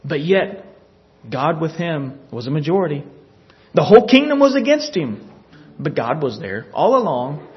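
A man preaching a sermon, animated, acting out scripture scenes with little chuckles. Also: fairly high pitch, normal speed. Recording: dull lo-fi recording.

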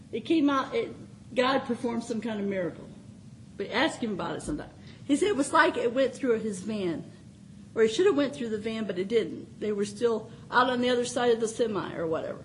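A woman's voice: high-pitched, a little mellow, slight background noise, poor audio. An older woman giving an informal, folksy sermon in a small chapel, often laughing as she speaks. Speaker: preacher.

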